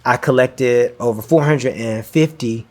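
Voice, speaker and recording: A man with a mid-range, slightly mellow voice speaks at a measured pace as he gives a talk. He tells a personal story earnestly and reflectively, acting out the dialogue, and the telling grows emotional.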